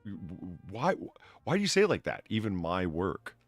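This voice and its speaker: A man's voice: low voice, huge pitch swings, normal speed, no room sound, soft background music. A man hosting a casual live stream, thanking donors and rambling in a self-deprecating way. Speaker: bartender host.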